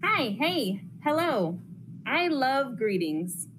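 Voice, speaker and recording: A young woman reads a rhyming picture book to a class, bouncing through the lines in a lively sing-song. Her voice sits fairly high, and a steady noise runs under the recording. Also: takes it slowly. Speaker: counselor intern. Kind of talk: reading a picture book aloud to children.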